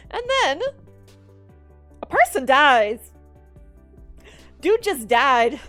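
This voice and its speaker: High, clear-voiced woman giving exasperated commentary. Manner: animated, exasperated, rambling. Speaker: video commentator. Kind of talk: casual movie commentary.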